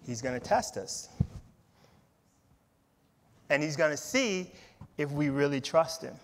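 A man's voice: a little high, animated, slow, big-room sound. A man, a head pastor, preaching a sermon in an emphatic way, repeating words and reading scripture aloud.

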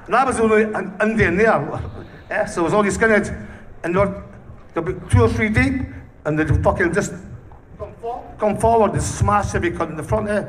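Picked up by a distant mic over faint background noise, a punk singer with a high-pitched voice talks fairly quickly. He tells rowdy stories in a casual interview, cursing nonstop and bursting into laughter.

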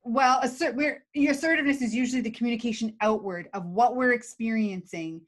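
Animated woman explaining with acted examples. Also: fairly high pitch, brisk. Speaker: guest expert on emotional intelligence. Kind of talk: casual live video chat.

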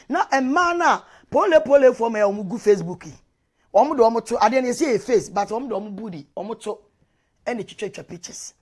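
A woman's voice: on the high side, darkish tone, breathy edge. A woman with a Ghanaian accent giving marriage advice to viewers, talking emphatically, hammering key words again and again and mixing English phrases into her speech. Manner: mixes Twi with English phrases.

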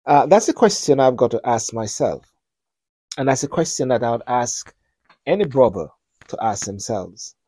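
A man's voice: mid-range voice, lively intonation, moderate pace, dark tone, husky, no room sound. A middle-aged man hosting a talk show, giving earnest spoken commentary with repeated, preacher-like appeals.

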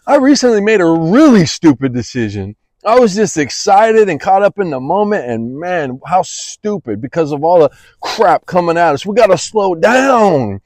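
A man's voice: high voice, darkish tone, no room sound, poor audio. A man preaching a fervent daily devotional, impassioned, repeating his phrases and calling out to his listeners as y'all.

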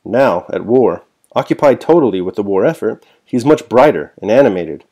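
Man with a low voice reading a novel. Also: lively intonation, brisk, warm tone. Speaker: reader and host. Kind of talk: reading a novel aloud with reflection.

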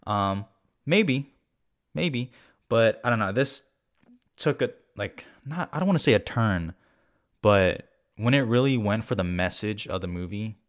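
Rambling young man reviewing a film. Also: on the low side. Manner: rambling and excitable, with frequent fillers and swearing. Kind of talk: casual spoken movie review.

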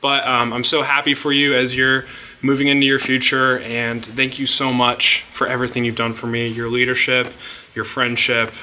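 A man's voice: mid-range voice, flat delivery, moderate pace, pushed and bright, poor audio. A young man from the youth group thanking his youth pastor, in a casual, sincere, slightly awkward way. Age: young adult.

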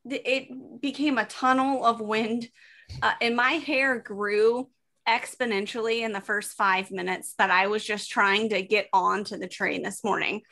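A woman hosting a podcast, telling animated, self-mocking stories in casual chat. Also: on the high side. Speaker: podcast host.

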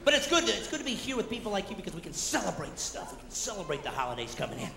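A man doing a high-energy stand-up comedy set, shouting and working the crowd. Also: wildly swooping pitch, rapid-fire, gravelly. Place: large hall with a live audience. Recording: echoey hall, loud crowd and noise.

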